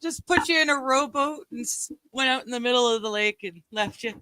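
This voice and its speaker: A woman's voice: fairly high pitch, brisk, pushed and bright, no room sound. A woman co-hosting a live stream, teasing her friend in casual chat. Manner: laughing, teasing sidekick. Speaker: co-host of a live-stream talk show.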